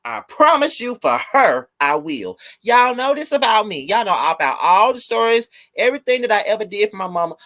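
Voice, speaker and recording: A man's voice: high voice, big pitch swings, brisk, hardly any pauses, pushed and bright. A man hosting a live review, ranting emphatically to his viewers with blunt, profane repetition. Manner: blunt, swears freely. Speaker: video host and reviewer.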